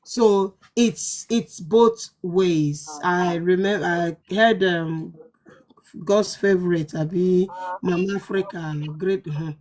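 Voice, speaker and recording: A woman with a Nigerian accent hosting a live stream, chatting lively, laughing and acting out voices in her stories. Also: lowish voice, slow pace. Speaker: host of live talk show. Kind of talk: live-stream chat, storytelling.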